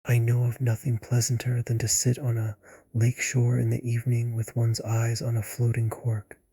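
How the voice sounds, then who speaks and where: A man voicing a shy, mild male writer in a breathy whispered role-play. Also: mid-range voice, monotone, normal speed, warm tone, no echo.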